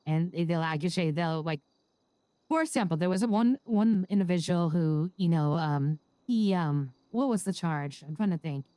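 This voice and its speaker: A woman's voice: lowish voice, expressive, moderate pace, mellow, dry recording. A woman playing a new lawyer in an online roleplay, talking in a hesitant, rambling way with many restarts. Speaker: lawyer character in a roleplay server. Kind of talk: casual in-character chat.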